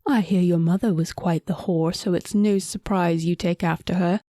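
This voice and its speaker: A woman voicing an imperious, furious queen and mother, shrill and accusing with open contempt. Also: steady tone, normal speed, warm tone, dry recording, clean studio sound, close to an everyday voice. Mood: shrieking contempt.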